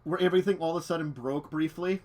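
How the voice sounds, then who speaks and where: A man acting as game master on a tabletop game stream chats casually, laughing often and self-deprecatingly at his own technical troubles. His voice is fairly high and a little mellow, and he talks at a quick pace.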